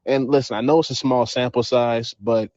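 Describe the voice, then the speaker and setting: Eager caller with a dull, dry sound. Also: male voice, mid-range voice, fairly even intonation, moderate pace, a little mellow, dry recording. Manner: persuasive, keeps saying "listen". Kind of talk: casual call-in chat. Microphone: live audio app.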